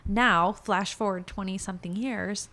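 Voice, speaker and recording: A woman guest on a podcast, telling her story in a frank, animated conversational way and swearing casually. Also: medium pitch, unhurried.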